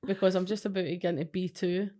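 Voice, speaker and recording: A woman's voice: lowish voice, steady tone, fast talker, mellow. A Scottish woman co-hosting a podcast, telling stories in a blunt, sweary, chatty way. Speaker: podcast co-host, psychic. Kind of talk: casual chat.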